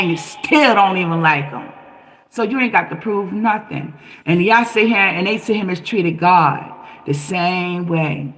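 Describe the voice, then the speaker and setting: A woman's voice: mid-range voice, animated, unhurried, fairly bright tone, low-quality recording. A woman talking to her live-stream viewers in a passionate, preachy monologue, firing off rhetorical questions. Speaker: livestream host.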